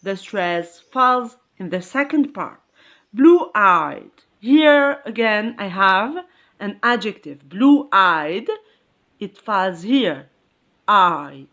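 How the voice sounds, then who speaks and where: A woman teaching an English grammar lesson, explaining slowly and repeating key points with emphasis. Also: mid-range voice, animated, a bit bright, dull audio. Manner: slow, repetitive, emphatic explaining.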